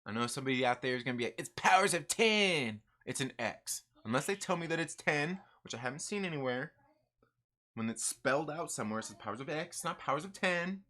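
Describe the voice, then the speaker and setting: A man hosting a comics live stream in a loose, animated way, often repeating himself. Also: mid-range voice, quick pace. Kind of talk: casual live stream chat.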